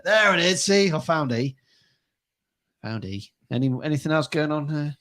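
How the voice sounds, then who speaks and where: A man's voice: fairly high pitch, expressive, normal speed, a bit bright. A young man co-hosting a wrestling podcast, rambling and swearing through casual banter. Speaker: podcast co-host. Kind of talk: casual chat.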